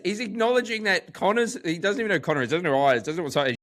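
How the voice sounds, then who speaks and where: A man with an Australian accent, co-hosting a podcast in casual chat, full of "like" and animated storytelling. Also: high-pitched, fast talker. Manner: chatty, heavy use of "like", animated storytelling. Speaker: podcast co-host.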